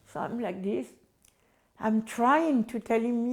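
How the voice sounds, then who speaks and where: A woman with a French accent, a native French speaker, sharing a personal memory in halting, emphatic English. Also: fairly high pitch, creaky, darkish tone. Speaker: devotee recalling memories. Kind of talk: personal reminiscence.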